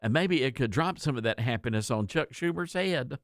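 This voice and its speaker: A man's voice: medium pitch, lively intonation, normal speed, no room sound, clean studio sound, lightly acted. A talk radio host putting on a comic impression of a fuming male politician, sputtering in exaggerated outrage. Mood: sappy-happy. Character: fuming, red-faced male politician, mock-furious.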